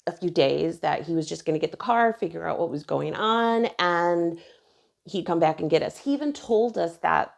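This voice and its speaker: A woman's voice: lowish voice, lively intonation, moderate pace, creaky. A woman in her thirties earnestly telling a personal story on her own channel. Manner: earnest, emotional retelling, quoting others softly.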